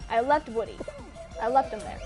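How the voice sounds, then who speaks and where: A young woman streamer talks in a high, light voice, chatting casually to her viewers. She rambles earnestly and keeps breaking off mid-sentence to restart. Her delivery stays loose and unscripted throughout. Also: fairly quick, over music. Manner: rambling, self-interrupting, earnest. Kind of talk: casual storytelling on a live stream.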